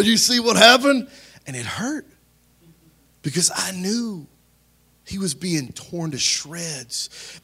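A male pastor preaching a lively sermon in a slightly high voice. He talks to the congregation like a friend, then builds to loud, emphatic peaks. After those he drops back into quiet asides. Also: breathy edge. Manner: conversational, addresses the congregation directly.

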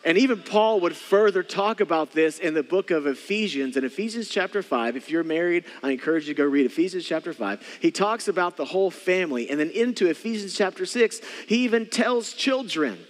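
An earnest male pastor preaching with a fairly high voice. He circles back on his phrases and sinks to hushed, quiet words for emphasis. His voice rings with a long reverb, as if in a large church hall. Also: expressive, fairly quick, hardly any pauses. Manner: earnest, repeats phrases, drops to soft quiet tones for emphasis. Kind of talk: sermon.

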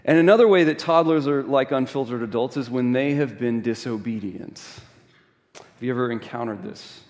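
A middle-aged man preaching a sermon in a conversational, animated storytelling way, full of rhetorical questions. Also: mid-range voice, normal speed. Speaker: pastor. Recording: long reverb of a large hall.

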